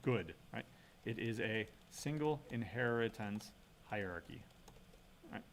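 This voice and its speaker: A man's voice: lowish voice, lively intonation, takes it slowly, slight background noise. A middle-aged man giving a casual university lecture, thinking aloud and checking in with frequent "right?" tag questions. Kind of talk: recorded classroom lecture.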